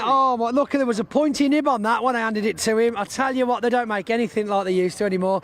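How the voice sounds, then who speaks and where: A man's voice: very high-pitched, steady tone. A man presenting live while walking around an outdoor race circuit, chatting and joking with guests. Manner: chatty, jokey, quick asides. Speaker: trackside presenter.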